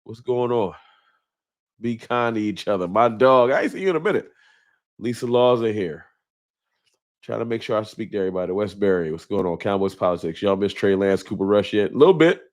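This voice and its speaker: A man's voice: on the low side, fairly quick. A man hosting a live stream in a casual, laughing way, greeting viewers by name while his nose is stuffed up from a cold. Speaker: livestream host.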